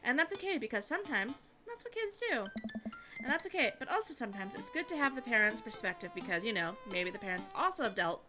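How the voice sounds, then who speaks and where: A woman's voice: fairly high pitch, big pitch swings, fast. A woman voicing an earnest, slightly fumbling father giving parental advice. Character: earnest, gently awkward middle-aged dad. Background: background music.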